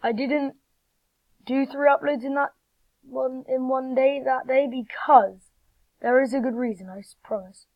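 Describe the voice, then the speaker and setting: A woman giving excitable live gameplay commentary, talking straight to her viewers. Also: high-pitched, a little slow, dry recording, dull audio. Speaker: gamer.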